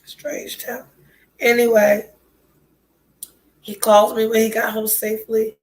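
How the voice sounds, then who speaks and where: A woman with a high voice hosts a podcast in a frank, emotionally open monologue. She swears freely and sounds stuffy-nosed from a cold. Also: little pitch movement, slow, low-quality recording. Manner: blunt, profane, emotionally open. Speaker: podcast host.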